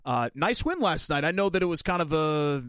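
A man's voice: fairly high pitch, expressive, moderate pace, fairly bright tone, clear, resonant tone, dry recording, studio quality. A man hosting a radio show, chatting casually with a guest and adding short agreeing words. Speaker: radio host. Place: radio studio.

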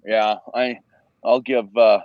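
A man's voice: medium pitch, flat delivery, slow, no echo, muffled recording. A man co-hosting a podcast over a video call, chatting casually and laughing often, calling his friend bro. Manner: laid-back, laughs often, says bro a lot. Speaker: podcast co-host. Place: inside a car.

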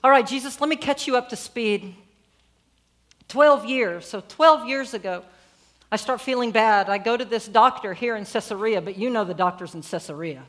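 A loud, gossipy woman , put on by a preacher, rattles on about years of doctors who never helped. The voice is a bit raised and exasperated, with a sermon storyteller's flair. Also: a little high, moderate pace, close to an everyday voice. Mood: chatty, exasperated.

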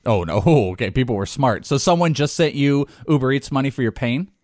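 Lively man ribbing his podcast co-host. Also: mid-range voice, a little fast, no room sound, clean studio sound. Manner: teasing, laughs a lot, swears freely. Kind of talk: casual sports podcast chat.

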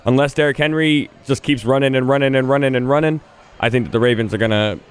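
A man co-hosting sports betting radio, giving his picks hesitantly with many pauses. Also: medium pitch, smooth. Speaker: co-host.

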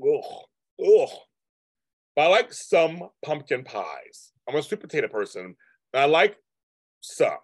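A man in his fifties rambles through a casual live stream and answers viewers' comments as they come in. His pitch swings widely, up and down, as he talks. The sound is dry and close, with no room echo. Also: very animated, unhurried, long pauses. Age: 50s.

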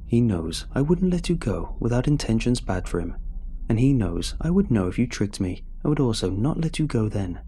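A man narrating a first-person horror story in a measured, even storytelling manner. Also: medium pitch. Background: faint music.

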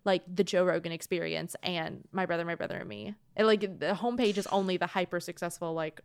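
A woman with a fairly low, smooth voice chats casually as a podcast co-host. Her talk is loose and full of fillers and the odd swear word, recorded close and dry. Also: a little fast, dry recording. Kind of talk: casual chat.

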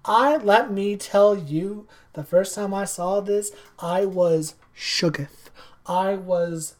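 A woman with a mid-range voice, speaking slowly, co-hosts a podcast and casually recaps a horror movie. She tells it in an animated way, acting out the characters and laughing often.

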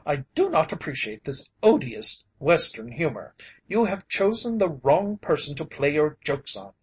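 A man voicing an outraged old bearded easterner who shouts indignant accusations. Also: on the high side, very animated, measured pace, breathy edge, heavily acted. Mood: furious.

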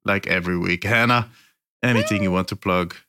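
Guy hosting a podcast, deep voice, laughs a lot. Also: fairly quick, sharp tone, dry recording, clean studio sound. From London. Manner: jokey, laughs often. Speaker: podcast host. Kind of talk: casual podcast chat.

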